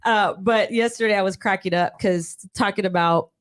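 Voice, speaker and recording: A young adult woman co-hosting a casual live chat, telling animated stories and laughing often. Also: medium pitch, moderate pace. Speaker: podcast co-host.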